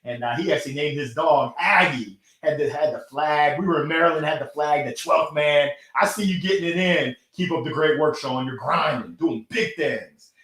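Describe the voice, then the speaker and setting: An energetic man hosts a live motivational stream and answers viewer comments. His voice sits on the higher side and he laughs often. The room around his microphone is echoey. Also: normal speed, hardly any pauses. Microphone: gold microphone.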